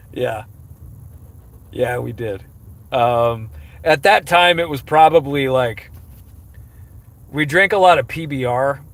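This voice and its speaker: A man answers chat questions on a casual live stream, rambling and poking fun at himself with plenty of fillers and restarts. His voice is mid-range with a fairly bright tone.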